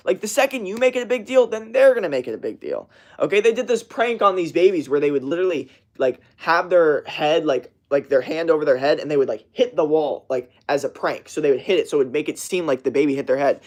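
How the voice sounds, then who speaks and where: A man's voice: on the high side, lively intonation, fast, hardly any pauses. A young man in college ranting casually to camera, profane and rambling, mocking people in whiny put-on voices. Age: young adult. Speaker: vlogger.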